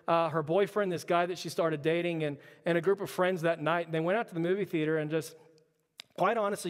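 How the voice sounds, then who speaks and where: A man's voice: sits high, in a large hall. A man preaching a sermon in a church, driving his point home with repeated rhetorical questions. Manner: impassioned, repetitive rhetorical questions. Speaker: pastor.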